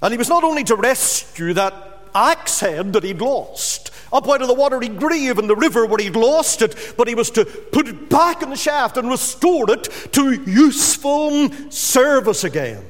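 High, sweeping preacher in a hall. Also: male voice, very animated. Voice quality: emphatic, with drawn-out stressed words and sudden drops to a hush. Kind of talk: sermon.

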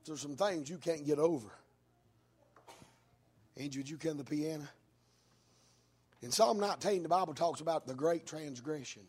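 A man preaching a fiery sermon in church, telling a story with a preaching cadence that rises into shouts. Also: on the high side, husky. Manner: preaching cadence, rising into shouts, drawn-out words.

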